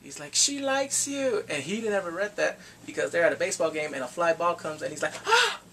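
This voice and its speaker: Male movie reviewer, animated recap, gravelly, bright, faint hum behind. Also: fairly high pitch, fast talker. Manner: animated, reacts with exclamations and gasps.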